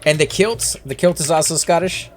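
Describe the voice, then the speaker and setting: A man's voice: on the high side, normal speed, slight background noise. Laid-back man joking over game chat. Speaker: gaming channel host. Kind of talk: casual chat while playing a game. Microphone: desk microphone.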